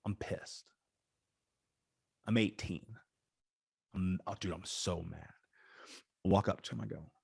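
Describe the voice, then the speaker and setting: A man in his thirties from Indiana, a guest in an interview, telling his life story in an animated, slangy way with some swearing. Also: mid-range voice, dry recording, clean studio sound. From Indiana, USA.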